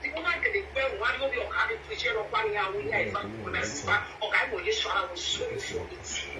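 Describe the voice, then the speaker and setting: A Nigerian woman talking in casual, lively pidgin with a pleading tone. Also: medium pitch, brisk. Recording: echoey room, from a distance, clear noise.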